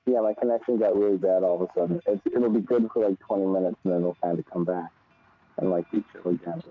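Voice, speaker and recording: A man chatting over a phone line, loose and rambling. His voice sits low. The sound is thin and tinny, with no room echo at all. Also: fairly even intonation, fast talker, faint music behind. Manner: rambling, easygoing. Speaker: stream co-host. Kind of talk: casual chat.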